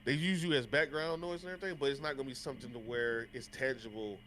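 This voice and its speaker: A man's voice: mid-range voice, steady tone, fast talker, fairly bright tone, a little hiss or hum. A man with a stuffed-up, nasal voice, a podcast guest talking bluntly and emphatically, swearing casually. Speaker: podcast guest, content creator.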